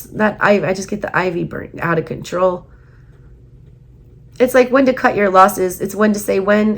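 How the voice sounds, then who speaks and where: A woman with a Southern US accent giving a casual tarot reading, emphatic and repeating her points, her voice going hoarse. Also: fairly low pitch. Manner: emphatic, repeats herself, urging viewers. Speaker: tarot reader.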